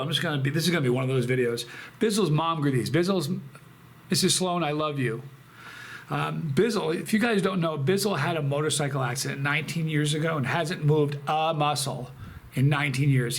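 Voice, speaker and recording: A man hosting a chili pepper channel, talking casually to camera in a rambling, halting, emotional way with many restarts. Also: fairly high pitch, a little hiss or hum. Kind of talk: casual vlog talk to camera.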